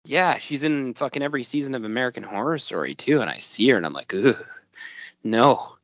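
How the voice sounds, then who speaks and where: A man's voice: medium pitch, lively intonation, fast talker, fairly bright tone, dry recording. A man co-hosting a podcast in casual chat, blunt, joking and freely swearing, recorded dull and dry. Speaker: podcast co-host.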